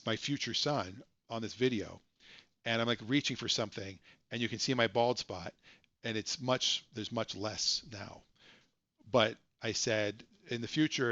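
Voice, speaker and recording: A man chatting casually to his live-stream viewers, wandering through stories and correcting himself mid-sentence. His voice sits in a middle pitch. The sound is dry and close, and the audio is a bit dull and lo-fi. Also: bright, forceful tone, no echo. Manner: rambling, self-correcting storyteller.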